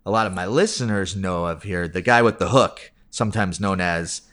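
A man's voice: low-pitched, normal speed, fairly bright tone. A man hosting a casual interview, playful and rambling, laughing often. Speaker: podcast host.

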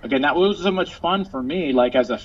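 A man who is a musician, chatting casually as a guest and telling stories with lively quoted voices. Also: fairly quick. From Los Angeles. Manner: animated storyteller, acts out quotes in a high voice. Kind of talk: casual chat. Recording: slightly dull audio with faint noise.

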